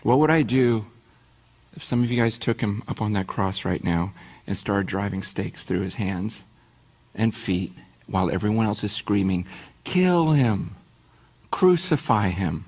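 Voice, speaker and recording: A middle-aged man preaching a sermon as a pastor, swinging from hushed to urgent and asking the congregation rhetorical questions. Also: fairly low pitch, steady tone, normal speed, slightly rough.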